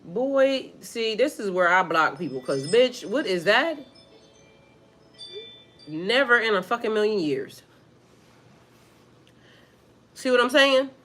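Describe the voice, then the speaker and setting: Bright-voiced woman reading cards and swearing. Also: a little high, big pitch swings, measured pace, soft background music. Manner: blunt, swears, reacts loudly to messages. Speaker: tarot reader. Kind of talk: reading plus live chat reactions.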